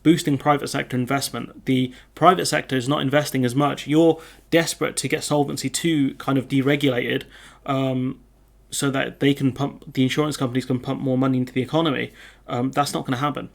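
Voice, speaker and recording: A man riffing on the news as a political commentator, sardonic and loose, full of filler words. His voice sits at an ordinary pitch and has a gravelly, fry-laden edge. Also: fairly even intonation, brisk.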